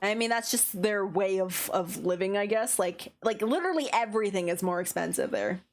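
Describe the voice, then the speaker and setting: A young woman streams, chatting casually and rambling about her day, with frequent fillers and giggles and playful, animated silly voices in quoted bits. Her mid-range voice is brisk. There's faint background music and a little hiss or hum.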